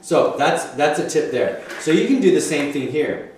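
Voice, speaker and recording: A man's voice: on the high side, big pitch swings, normal speed, darkish tone. Encouraging male clarinet teacher, echoey room. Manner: encouraging, counts aloud and sings phrases. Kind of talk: one-on-one music lesson. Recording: echoey room from a distance, faint noise.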